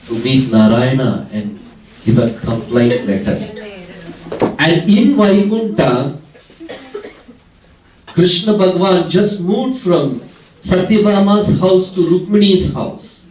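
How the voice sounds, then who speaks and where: A man preaching a devotional sermon in a chatty, lively storytelling way with teasing asides, recorded in a festival hall. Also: mid-range voice. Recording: roomy hall, distant mic.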